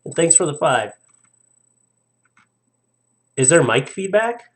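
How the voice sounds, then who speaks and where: A man's voice: fairly high pitch, sing-song, slow. A young man live streaming, who chats casually, reads viewer stories aloud, laughs often, and stumbles over names.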